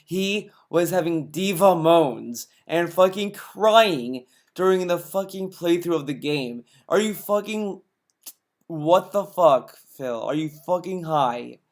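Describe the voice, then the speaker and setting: A man's voice: on the high side, lively intonation, takes it slowly. A man giving a profane, sarcastic reaction commentary, exasperated and ranting. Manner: exasperated, sarcastic, heavy swearing.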